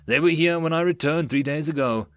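Cocky officer, a bit higher, man reading. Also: a little fast, a bit bright, no room sound, close to an everyday voice. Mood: easy. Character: playful cocky male officer.

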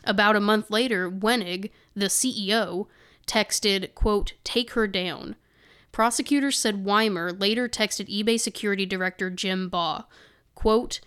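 A woman's voice: medium pitch, measured pace, a bit bright, smooth. Woman reading news with indignant asides. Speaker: podcast co-host. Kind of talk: casual chat, reading news excerpts aloud.

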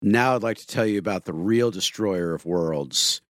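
Brief: preachy youth pastor, as a man puts him on, low and grave. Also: normal speed, dry recording, clean studio sound, natural voice. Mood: solemn. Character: solemn male youth pastor turning serious.

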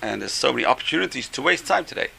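A middle-aged or older man, a rabbi teaching a class, tells stories in an animated way with many rhetorical questions. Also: mid-range voice, racing, vocal fry, heavy background noise. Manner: animated, rhetorical questions, stretches key phrases. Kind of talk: Torah class storytelling.

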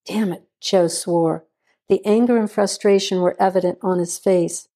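A woman reading a crime story aloud in steady, even scripted narration. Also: lowish voice, moderate pace.

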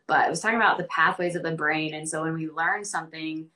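A young woman from Arkansas talks as a podcast guest, loose and earnest, leaning on ums and likes. Her voice sits a little low but sounds bright and forward. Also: fairly even intonation, fast. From Central Arkansas. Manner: earnest, many ums and likes, laughs easily. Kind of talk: casual podcast conversation.

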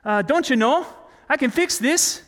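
A man's voice: extremely high pitch, expressive, unhurried, a bit bright, voice pushed up, heavily acted. A man doing a flustered, apologetic polite guy. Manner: fumbling, apologetic. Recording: long hall reverb.

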